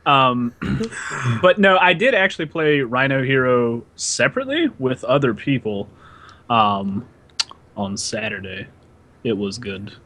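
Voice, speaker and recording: A man's voice: mid-range voice, big pitch swings, a little slow, pauses often, sharp tone. A man co-hosting a casual gaming podcast with a dry, wry sense of humor. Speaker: podcast co-host. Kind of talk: casual chat.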